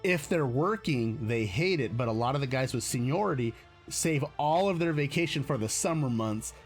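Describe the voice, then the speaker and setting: A man of middle pitch chats loosely on his live stream, wandering from thought to thought and correcting himself as he goes. He chuckles often and keeps the tone easygoing. Soft music runs quietly behind him. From United States. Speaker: streamer host. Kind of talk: casual live-stream chat.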